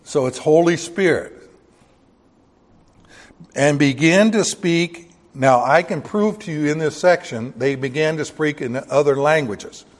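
Folksy preacher in a reverberant hall. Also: male voice, fairly high pitch, a little slow. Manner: folksy, joking, animated bursts of emphasis. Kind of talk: sermon.

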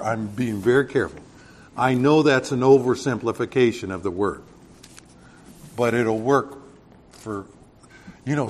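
A man's voice: lowish voice, a little hiss or hum. Texan man preaching a conversational sermon. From Texas. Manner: conversational preaching, rising emphatic on key points. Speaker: pastor.

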